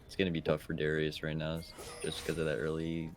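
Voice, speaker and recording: A man giving live esports color commentary in a calm, laid-back, understated way. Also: very deep voice, quick pace, over loud music. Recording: noisy stream audio.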